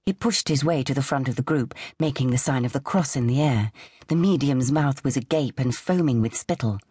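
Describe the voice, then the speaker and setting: Woman reading a thriller audiobook, really deep husky voice, dry close sound. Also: fairly quick, warm tone, no echo. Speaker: audiobook narrator. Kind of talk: scripted narration.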